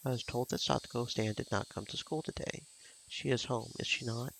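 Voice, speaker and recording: A man's voice: medium pitch, steady tone, a little fast, creaky, fairly bright tone, a little hiss or hum, poor audio. A man voicing a persistent, self-assured child services worker on the phone, formal and polite. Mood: insistent. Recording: game music behind.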